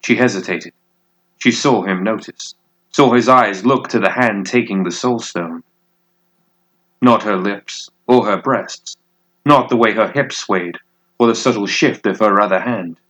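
A man reading a piece of fiction aloud as narrator, in a measured, deliberate way. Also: on the low side, fairly bright tone.

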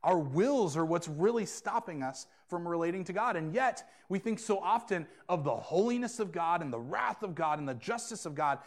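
A young adult man delivers a sermon as pastor. His slightly higher voice turns earnest and emphatic, rising loud on key points and dropping soft for quieter asides. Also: expressive, moderate pace, hardly any pauses. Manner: earnest, emphatic preaching with wide swings in loudness.

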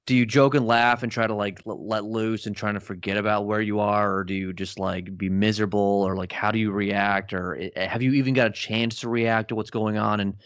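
A man with a lowish voice rambles happily about a film on a podcast, with lots of fillers and restarts. The sound is dry and close, with dull lo-fi audio. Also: fairly even intonation, brisk, hardly any pauses, a bit bright, no room sound. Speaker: podcast co-host. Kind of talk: casual film discussion.

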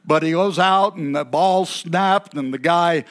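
A man preaching a sermon in a church, folksy and chatty, with asides and throat-clearing. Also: fairly high pitch, a little slow.

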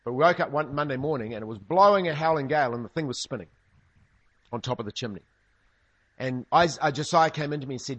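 A man's voice: mid-range voice, fast, highs cut off. A man preaching a sermon, telling stories with humorous asides. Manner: humorous storytelling, lively asides. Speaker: pastor.

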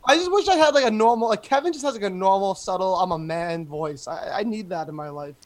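A man's voice: sits high, lively intonation, quick pace. Podcast co-host, male, rambly and hesitant, loose casual chat. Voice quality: voice others call annoying. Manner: rambling, hesitant, lots of fillers.

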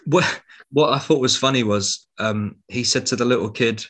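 A man's voice: mid-range voice, normal speed, a bit bright. A man, chatting hesitantly as a podcast co-host. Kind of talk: casual chat.

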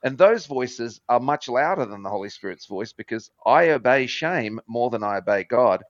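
A man's voice: mid-range voice, expressive, normal speed, no room sound. A man tells stories in a rambling, self-deprecating way, sometimes slipping into voices. The sound is dry and close, a bit muffled in the top end. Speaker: podcast guest, former musician. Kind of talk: casual conversational storytelling.

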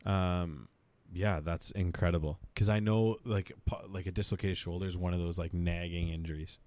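Enthusiastic low-voiced man hosting. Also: steady tone, normal speed, darkish tone. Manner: enthusiastic, reads out stats. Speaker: podcast host. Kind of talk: casual interview chat.

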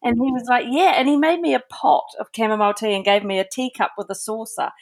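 A woman's voice: a little high, fast. A woman author, a guest on a podcast, chatting casually and telling stories with enthusiasm. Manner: enthusiastic, animated storytelling. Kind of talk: casual interview chat.

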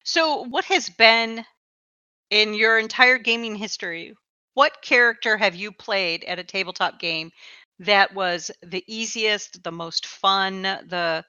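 Woman host, bright voice, chatty and repeating herself, dull dry recording. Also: medium pitch, slow pace, smooth, no room sound. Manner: chatty, repeats words and laughs often. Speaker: podcast host. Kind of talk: casual chat. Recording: dull, slightly lo-fi dry sound.

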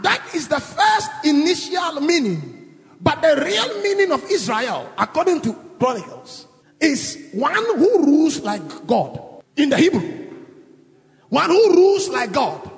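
A man preaching a sermon as pastor, calling out declarations and leading prayers with shouted emphasis. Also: very high-pitched, very animated, measured pace, vocal fry. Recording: long reverb, faint music.

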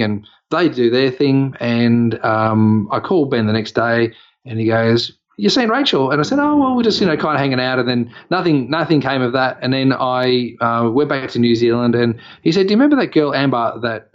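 Picture an Australian man spinning a long anecdote in casual chat, voice sitting in a middling register. He wanders, restarts and fills gaps with "um" as he goes. The sound is a little dull and lo-fi. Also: medium pitch. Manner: rambling anecdotal, many fillers and restarts. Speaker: podcast co-host.

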